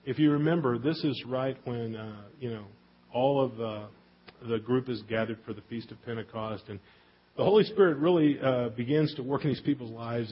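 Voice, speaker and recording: A middle-aged man gives a relaxed, chatty sermon with a husky voice. He acts out the people in his stories as he goes. The sound is dull and lo-fi. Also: mid-range voice. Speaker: pastor.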